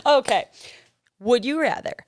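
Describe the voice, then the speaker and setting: A woman in her twenties co-hosting a podcast, chatting casually and laughing often. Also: on the high side. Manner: giggly, animated, quick to laugh. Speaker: podcast co-host. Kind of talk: casual chat.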